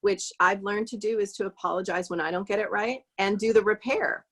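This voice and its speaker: A woman's voice: mid-range voice, fairly even intonation. A woman guest in a casual conversation who affirms the others and praises what they say. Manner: warm, affirming, quick to praise.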